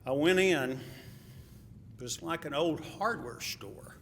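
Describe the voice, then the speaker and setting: A Texan eulogist tells a chuckling personal story at a memorial, his slightly high voice fairly bright in tone and slow in pace. The hall adds reverb, with faint ambient noise in the background.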